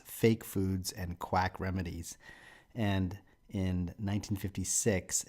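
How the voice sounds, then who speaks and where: Man, very low voice, instructor, recorded lecture voice-over, measured, explanatory. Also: darkish tone.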